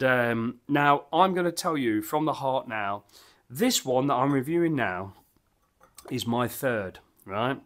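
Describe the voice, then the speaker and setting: A man's voice: medium pitch, fairly bright tone. A man, chatting enthusiastically and rambling as he reviews beer at his home bar. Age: 50s. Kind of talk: casual vlog chat.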